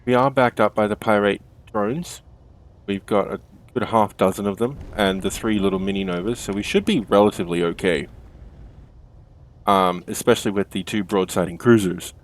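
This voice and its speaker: Here the game stream host speaks at normal speed in a lowish voice. He keeps the chat casual, laughs easily, and keeps correcting himself along the way.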